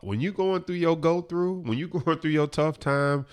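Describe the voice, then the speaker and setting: A man telling a personal story as a motivational speaker, earnest and building from hushed to emphatic. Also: on the high side, normal speed, smooth.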